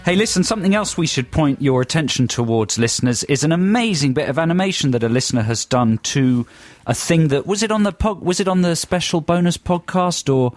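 A man's voice: on the high side, expressive, fairly quick, hardly any pauses, dry recording. A man co-hosting a radio show, chatting playfully and jokingly with his partner about films and listener projects. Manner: playful, chatty, jokey asides. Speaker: radio co-host. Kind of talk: casual radio banter.

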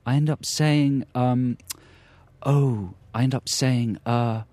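A man's voice: mid-range voice, steady tone, slow pace, dark tone, no echo. Man chatting in a wry, hesitant way. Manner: wry, hesitant, self-questioning. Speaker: radio show co-host. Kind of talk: casual chat.

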